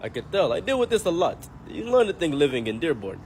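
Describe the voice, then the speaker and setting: A man voicing a calm, watchful male corner store owner who speaks in formal, stilted phrases and calls everyone brother. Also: fairly high pitch, quick pace, a little hiss or hum. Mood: matter-of-fact.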